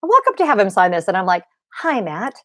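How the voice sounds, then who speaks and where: A woman's voice: mid-range voice, racing, no echo, studio quality. Gushing woman chatting on a livestream. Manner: gushing, excitable, rambling with restarts. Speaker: livestream host. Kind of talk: casual livestream chat to viewers.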